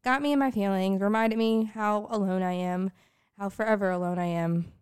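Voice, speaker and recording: A woman's voice: medium pitch, steady tone, moderate pace, a little mellow, clean tone. A young woman co-hosting a podcast in casual chat, rambling and self-mocking, swearing freely. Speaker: podcast co-host.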